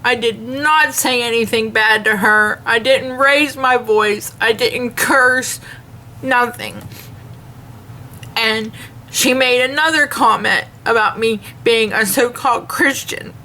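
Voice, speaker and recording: Earnest lady ranting to camera about a bad purchase, slow and careful, brightish higher voice, faint hum behind. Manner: earnest, measured, retells dialogue in detail; devout, speaks of faith. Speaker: vlogger. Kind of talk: complaint rant to camera.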